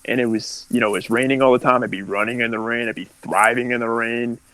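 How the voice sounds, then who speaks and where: A man's voice: mid-range voice, little pitch movement, fast, a bit bright, dry recording, poor audio. Give me a young man telling a candid, rambling personal story in a dry, close recording. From California. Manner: candid, rambling with many likes and restarts. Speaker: podcast guest. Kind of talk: casual storytelling.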